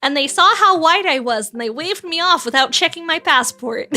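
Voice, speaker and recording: Very high-voiced playful woman. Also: lively intonation, moderate pace, sharp tone, soft background music. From Canada. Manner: playful, giggly, teasing. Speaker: streamer. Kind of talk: casual livestream chat while building a model kit.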